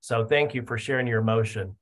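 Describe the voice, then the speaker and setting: A man's voice: mid-range voice, a little fast. Man, upbeat encouraging host, video call meeting. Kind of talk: hosting a team video call.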